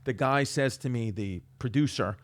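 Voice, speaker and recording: A man from Queens, a comedian guest telling a story in an animated, self-mocking way. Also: mid-range voice, moderate pace. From New York, Queens. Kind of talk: storytelling on a talk show.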